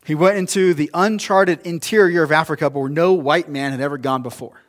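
A man's voice: a little high, brisk. A male pastor preaching a sermon in a conversational, storytelling way, with asides and restarts.

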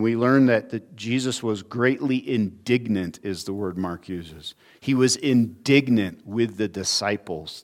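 A man preaching a sermon, teaching earnestly from scripture and rising in emphasis on key points. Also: mid-range voice. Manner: earnest teaching with emphatic rises, occasional restarts. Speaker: pastor.

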